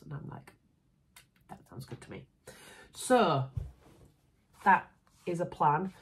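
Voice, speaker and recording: A woman's voice: sits low, slightly rough. A woman with a Yorkshire accent chatting casually to camera as a sewing vlogger, self-mocking and often trailing off. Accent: Yorkshire English. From Yorkshire, England.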